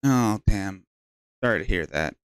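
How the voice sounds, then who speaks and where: A man's voice: on the low side, animated, a little slow, clear, resonant tone, no echo. A man hosting a show, giving scornful, lecturing commentary on a clip. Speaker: host.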